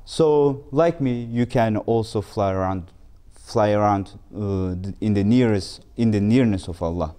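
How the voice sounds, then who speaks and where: A caged pet parrot from a spoken fable, begging for news in eager, pleading questions, as a male storyteller puts him on. The voice stays mellow and unhurried, only a touch higher than the teller's own. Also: lightly acted. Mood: calm, grateful.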